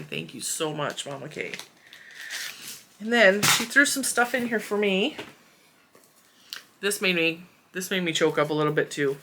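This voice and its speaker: A woman's voice: low voice, pushed and bright, a little hiss or hum. A woman in her forties hosting a crochet channel, chatting casually and emotionally as she opens mail, with giggles and fillers. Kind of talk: casual chat unboxing mail.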